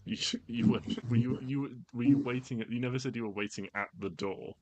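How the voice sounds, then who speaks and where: A man's voice: medium pitch, fairly even intonation, a little fast, darkish tone, lo-fi sound. A man narrating as game master in easygoing, loosely phrased narration full of fillers.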